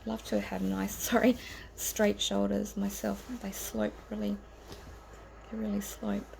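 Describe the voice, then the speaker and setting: A woman's voice: medium pitch, flat delivery, a little slow, vocal fry, darkish tone, a little hiss or hum, poor audio. A woman giving an informal tarot reading to camera, earnest and rambling, with frequent ums and self-corrections. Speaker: tarot reader.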